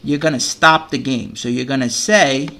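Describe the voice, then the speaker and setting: A man's voice: mid-range voice, steady tone, moderate pace, sharp tone. A man teaching a children's coding lesson over a screen recording, explaining step by step and checking in with "okay?" as he goes.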